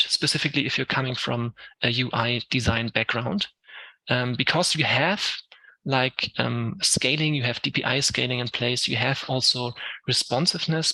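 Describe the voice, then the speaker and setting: German-accented man teaching with a gravelly edge. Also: mid-range voice, sharp tone, no echo, rough recording. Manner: explains step by step, many ums, answers questions. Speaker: Unreal Engine instructor. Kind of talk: live tech talk with Q&A.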